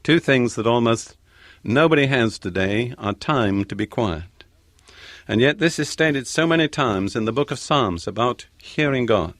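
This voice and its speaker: Male preacher, mid-range voice, deliberate and repetitive, recorded dry and close. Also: medium pitch, expressive, fairly bright tone, dry recording. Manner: measured, deliberate, repeats key phrases for emphasis. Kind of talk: sermon.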